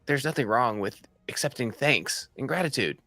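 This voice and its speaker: A man playing a tabletop game in character, gentle and hesitant. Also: medium pitch, lively intonation, normal speed, no room sound, soft background music. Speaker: player.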